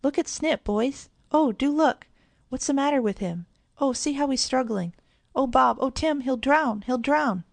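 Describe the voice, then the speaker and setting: A woman reading aloud and voicing an excitable little girl who worries easily, in a storybook. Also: fairly quick, hardly any pauses, no echo, studio quality, natural voice. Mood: frantic. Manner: high, breathless exclaiming.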